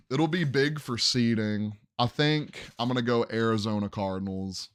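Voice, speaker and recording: A man's voice: mid-range voice, normal speed, few pauses, clean tone, no echo, studio quality. A young man hosting a sports podcast, casually running through game predictions and thinking aloud as he second-guesses his picks.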